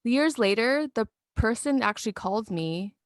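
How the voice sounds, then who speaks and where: A woman in her twenties, co-hosting a podcast, telling a story in an animated way and swearing freely. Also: on the high side, normal speed, no echo, clean studio sound. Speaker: podcast co-host. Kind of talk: casual chat.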